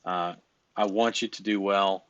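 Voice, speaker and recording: A blunt man with a lowish voice talks in a loose, rambling coaching style and peppers it with fillers and swearing. The sound is a bit muffled and dry, with no room around it. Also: steady tone, a little slow, fairly bright tone, no echo. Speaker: business coach. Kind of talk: casual coaching talk.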